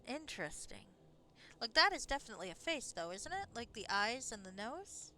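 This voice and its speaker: A woman's voice: a little high, sing-song, normal speed, pushed and bright, slight background noise. A woman streaming a game live, chatting casually in a rambling way and swearing now and then. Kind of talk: casual live gameplay commentary.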